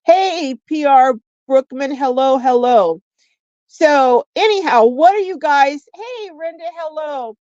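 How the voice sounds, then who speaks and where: A woman's voice: high voice, takes it slowly, mellow, no room sound. Female livestream host, friendly rambling chat with viewers, dry lo-fi laptop sound. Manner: chatty, greets viewers by name and reads comments aloud.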